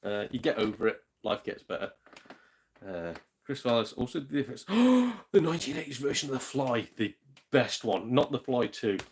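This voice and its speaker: A man's voice: mid-range voice, animated, brisk, husky. Chatty British man on a live stream. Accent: British English. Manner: chatty, rambling, swears mildly, drops to a hush. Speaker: gaming channel host. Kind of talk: casual live-stream chat. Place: home.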